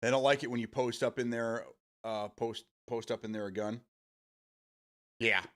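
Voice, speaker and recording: A man's voice: medium pitch, steady tone, moderate pace, a bit bright. A man hosting a live stream, chatting casually with viewers, rambling and swearing freely as he answers chat.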